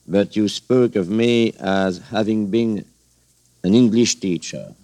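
A middle-aged man with a French accent, answering interview questions in a measured, hesitant way as he searches for words in his second language. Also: fairly low pitch, mellow. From France. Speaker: political guest.

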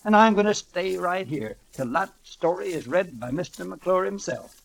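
Man doing a loud, stubborn young woman, pitched up, demanding. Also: expressive, moderate pace, vocal fry, heavily acted. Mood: indignant.

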